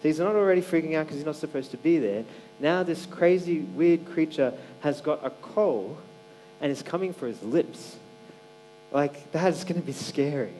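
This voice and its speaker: A man's voice: a little high, moderate pace, dark tone, faint music behind, rough recording. A man giving a casual, conversational sermon, with many fillers and restarts. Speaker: preacher.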